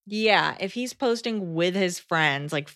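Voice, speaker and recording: Brief: woman co-host, slightly low voice, relaxed and agreeable, dry close mic. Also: slow, no echo. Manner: relaxed, agreeable, reads letters aloud. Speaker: podcast co-host reading listener questions. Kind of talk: casual podcast chat.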